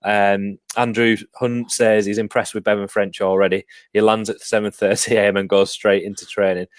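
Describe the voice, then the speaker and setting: A man with a low voice hosts a relaxed sports chat show. He talks in a hesitant way, full of ums and restarts, and reads viewer comments aloud. The recording is dry and close, with little room sound. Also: moderate pace, no echo. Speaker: podcast host.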